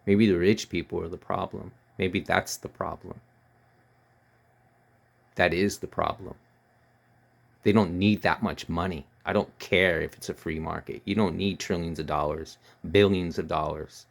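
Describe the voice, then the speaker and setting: A man with a low, gravelly voice rants in heated political commentary. He sounds scornful and keeps hammering the same words. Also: steady tone, a little slow. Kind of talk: angry ranting commentary.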